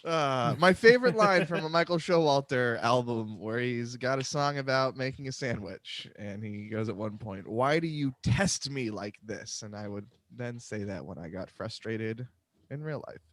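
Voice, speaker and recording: A man's voice: mid-range voice, moderate pace, fairly bright tone, no echo. A man hosting a live comedy podcast, joking and sarcastic, often trailing off into mumbles. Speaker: podcast host.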